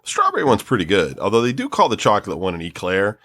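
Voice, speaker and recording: A man's voice: fairly low pitch, huge pitch swings, fast talker, bright, forceful tone. A man co-hosting a podcast in casual chat, rambling and swearing freely. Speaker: podcast co-host.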